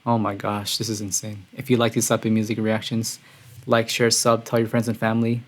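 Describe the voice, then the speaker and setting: A man streaming a music reaction, talking casually and excitedly, breathless and calling his viewers "bro". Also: fairly low pitch, brisk. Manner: excitable, says "bro" often, gushing. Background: song playing quietly.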